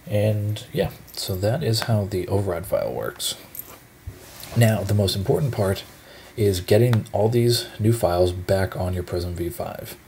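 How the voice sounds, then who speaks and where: A man's voice: on the low side, unhurried, creaky, a little hiss or hum. A young man giving a casual, rambling tutorial full of fillers as he walks through settings on screen. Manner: relaxed, rambling, many fillers. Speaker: shop owner giving a tutorial.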